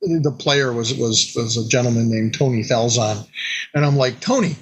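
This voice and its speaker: A man telling an old tabletop game story in a casual, animated way, jumping into quick bits of the players' and the monster's voices. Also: mid-range voice, slightly rough.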